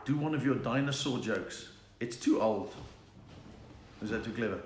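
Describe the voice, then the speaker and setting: A South African man, a comedian, hosting a live online chat, telling quick-fire jokes and laughing at his own lines. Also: medium pitch, echoey room, a little hiss or hum. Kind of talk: live stand-up joke session. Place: room at home.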